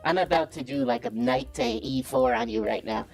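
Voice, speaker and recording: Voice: normal speed, vocal fry, darkish tone, soft background music. A caller doing a comedic impression of a boastful self-styled male business guru, cocky and evasive. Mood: smug. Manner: cocky, evasive and defensive, pitch swinging wildly. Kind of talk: comedic impression on a call-in show.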